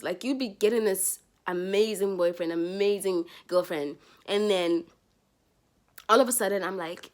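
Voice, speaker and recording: Animated young woman. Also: mid-range voice, normal speed. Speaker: vlogger. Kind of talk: casual advice talk to camera.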